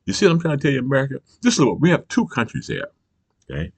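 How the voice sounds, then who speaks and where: A man's voice: mid-range voice, huge pitch swings, racing, no echo. An older man hosting his own show, in a heated, profane political rant, often asking if you understand. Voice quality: gravelly. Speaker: show host. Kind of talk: ranting political monologue.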